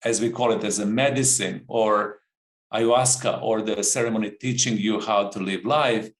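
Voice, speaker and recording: A man's voice: lowish voice, fairly even intonation, normal speed, reverberant, poor audio. A man who works as a coach, talking earnestly about a personal experience in a reflective conversation. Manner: earnest, searching, repeats phrases for emphasis.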